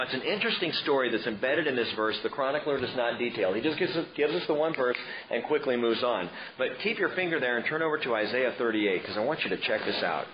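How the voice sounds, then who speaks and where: Animated pastor preaching, lively pitch. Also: male voice. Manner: animated, joking asides. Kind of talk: expository sermon. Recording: muffled with steady background noise.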